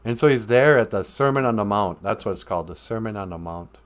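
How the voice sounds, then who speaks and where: A man's voice: on the low side, lively intonation, quick pace. A man hosting a live-stream podcast in casual, rambling chat, joking, laughing often and acting out quoted lines.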